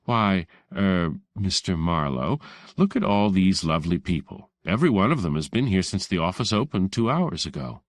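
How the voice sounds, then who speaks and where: A man's voice: low-pitched, lively intonation, moderate pace, dry recording, clean studio sound. A man voicing a tough, wisecracking woman receptionist in an audiobook, sarcastic and mock-sweet. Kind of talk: audiobook character voice.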